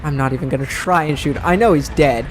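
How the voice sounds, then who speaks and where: A let's play host with a fairly high voice talks fast while playing a video game, game music and sounds in the background. His commentary is casual, chatty, and self-deprecating.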